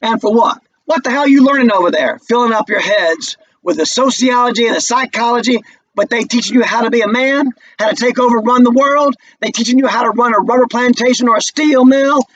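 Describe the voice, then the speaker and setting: A man voicing a bitter, explosive young husband who rants loudly and scornfully in a play read aloud. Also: extremely high pitch, brisk, pitched above the performer's own voice, poor audio. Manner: loud, scornful and ranting.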